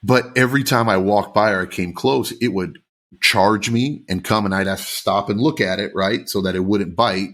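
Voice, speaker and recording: A man who runs a pool service business, a podcast guest telling stories in an animated, frank and heated way. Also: fairly low pitch, normal speed. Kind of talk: casual podcast chat.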